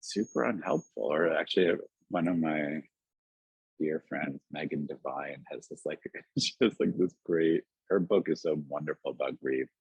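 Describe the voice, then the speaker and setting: A man talking gently and reflectively as a guest author on a video call, musing aloud with many "like"s and "you know"s. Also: very deep voice, moderate pace, slightly rough, no room sound. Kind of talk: reflective conversation. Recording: dull lo-fi webinar audio.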